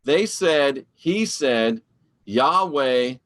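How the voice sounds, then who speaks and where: A man hosting a live online show, talking in a rambling, animated and preachy way while answering viewer comments. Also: mid-range voice, extremely slow. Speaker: online show host reading live chat. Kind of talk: casual live-stream talk.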